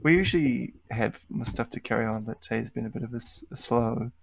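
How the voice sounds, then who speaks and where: A man's voice: medium pitch, fairly quick, creaky, husky, no echo. A young man hosting a casual podcast chat, laid-back, swearing casually and trailing off mid-sentence. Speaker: podcast host.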